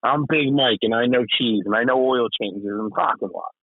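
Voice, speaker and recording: A man doing a brash fake Boston pitchman. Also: brisk, dry recording, natural voice. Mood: hammy pitch. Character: loud male Boston cheese shack owner in an ad. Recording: tinny phone-like sound.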